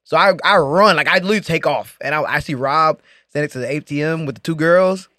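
A man's voice: fairly high pitch, fast talker, no room sound, studio quality. A man co-hosting a podcast, telling a story in casual chat and acting out the quotes. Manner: animated, acts out quotes in shifting voices. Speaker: podcast co-host.

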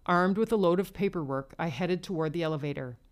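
A woman narrating an adult short story in the first person, in a cool, measured reading. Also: on the low side.

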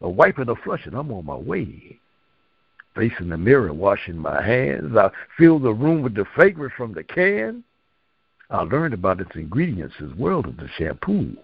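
A man performs spoken word with a rhythmic, rhyming delivery, his gravelly voice swinging widely up and down. The sound is dry, with a muffled, lo-fi quality. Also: on the low side, wildly swooping pitch, normal speed, no echo. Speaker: co-host and poet. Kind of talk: comic spoken-word poem, then casual chat.

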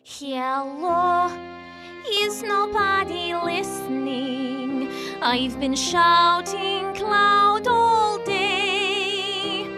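A woman voicing a tiny, eager female mouse who talks in a high, insistent squeak in a storybook. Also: extremely slow, loud music behind the voice, exaggerated voice. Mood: singing. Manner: squeaky, insistent, breaks into song.

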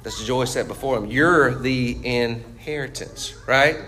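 A man's voice: mid-range voice, unhurried, pushed and bright. A male pastor preaching a sermon in a conversational style, quizzing the congregation with fill-in questions and tagging points with "right?". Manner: tags points with "right?" and "you see what I'm saying?".

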